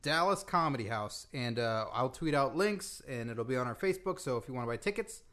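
A man's voice: mid-range voice, expressive, a little fast, a bit bright. A man co-hosting a casual podcast, joking and swearing often and rambling with fillers as he gives announcements. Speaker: podcast co-host.

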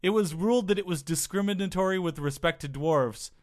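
A man with a fairly high voice hosts a loose, comedic group chat. He reads out facts with stops and restarts, then drifts into jokey asides. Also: brisk. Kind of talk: casual chat, reading from an article.

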